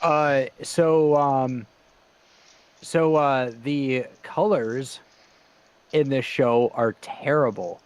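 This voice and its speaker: A man co-hosting a podcast in casual chat, halting and deadpan with many fillers. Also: mid-range voice, dull audio. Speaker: podcast co-host.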